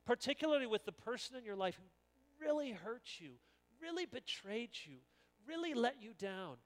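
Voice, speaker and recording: Man, pastor, sermon, high voice, smooth resonant tone, animated, echoing church hall. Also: normal speed. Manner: animated, acts out quoted voices. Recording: long reverb of a large hall.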